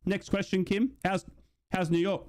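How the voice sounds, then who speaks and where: Young man, slightly high voice, casual streamer chat, shout-outs to viewers. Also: little pitch movement, moderate pace. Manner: chatty, reads out chat messages and shout-outs. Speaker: streamer hosting a live match watch-along. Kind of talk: casual live-stream chat and mock commentary.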